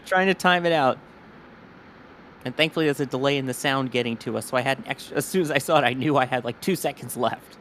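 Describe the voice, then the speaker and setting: Joking man with a softened Jersey accent. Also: medium pitch, a little hiss or hum. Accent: softened North Jersey. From New York, New Jersey border. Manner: joking, quick banter. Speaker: livestream co-host. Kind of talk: casual live commentary.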